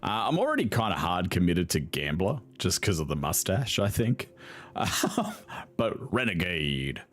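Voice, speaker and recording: A man's voice: deep voice, sing-song, unhurried. A young man commentating on a video game in a casual, sarcastic way, swearing freely and laughing often. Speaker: gaming video host.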